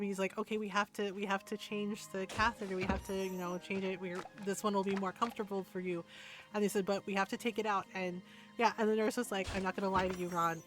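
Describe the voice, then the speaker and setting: A woman's voice: mid-range voice, a bit bright, a little hiss or hum. Chatty woman streamer telling a story. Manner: chatty, retells stories with lots of quoted back-and-forth and tag questions. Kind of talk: casual storytelling chat while gaming. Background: faint background music.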